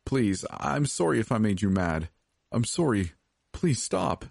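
A man's voice: fairly low pitch, sing-song, a little slow, darkish tone, breathy edge, no echo, studio quality, voice pushed up, heavily acted. A man voicing a terrified young woman in a horror story, speaking in a shaky, pleading voice raised well above his own.

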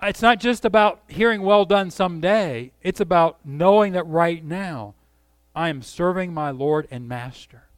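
A man's voice: sits high, measured pace, clean tone, dry recording. Middle-aged male pastor, fervent pulpit delivery, resonant tone, close dry sound. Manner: impassioned, rising and falling emphasis; asks the congregation direct questions. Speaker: preacher. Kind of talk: sermon.

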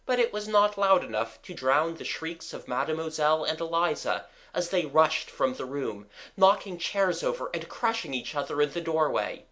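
An audiobook reader giving scripted narration with expressive, lively storytelling. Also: mid-range voice, normal speed, few pauses.

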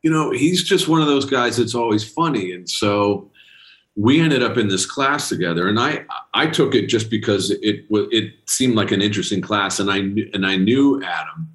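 A man's voice: lowish voice, expressive, moderate pace, a bit bright. A middle-aged man from New England, a guest actor telling anecdotes in a casual interview, laughing between stories. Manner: anecdotal, laughing, does voices in quotes.

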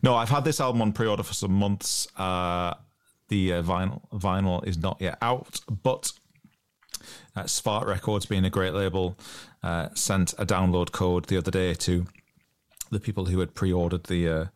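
Low voiced guy, halting and hesitant, casual chat. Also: fairly even intonation, smooth. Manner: hesitant, many fillers and restarts. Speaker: podcast co-host.

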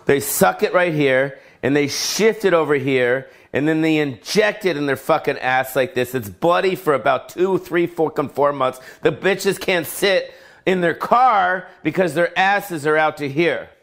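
A man's voice: fairly high pitch, unhurried, a bit bright. A middle-aged male comedian ranting alone, profane and rambling, full of fillers and tangents. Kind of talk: solo comedic rant.

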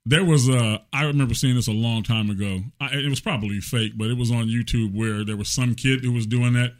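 A man's voice: mid-range voice, fairly even intonation, brisk. A man co-hosting a casual movie podcast, rambling with many restarts and some swearing. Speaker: podcast co-host. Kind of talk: casual chat.

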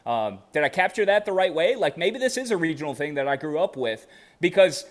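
On a sports podcast, a Chicago co-host in young adulthood talks fairly quickly, his voice on the high side. He's energetic in the casual conversation, animatedly telling stories.

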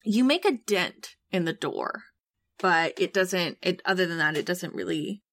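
A woman narrating as game master of a tabletop game, halting and often breaking into laughter. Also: fairly low pitch, animated, a bit bright.

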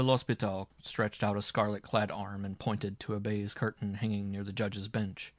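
Low-voiced man narrating a story. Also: moderate pace, hardly any pauses, no room sound, studio quality. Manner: dramatic, expressive reading. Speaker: audiobook reader. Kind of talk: scripted narration.

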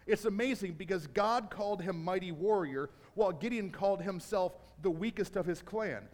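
A man preaching a sermon to a congregation in a church, telling Bible stories and building to a shouted call to action. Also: high voice, moderate pace. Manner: builds from storytelling to shouted exhortation. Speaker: pastor. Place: church sanctuary. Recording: long hall reverb.

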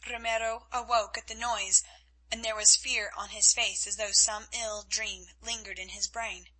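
A woman reading a novel aloud as an audiobook narrator, in measured, vivid storytelling. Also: fairly high pitch, pushed and bright, breathy edge, rough recording. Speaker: audiobook reader. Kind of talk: scripted narration.

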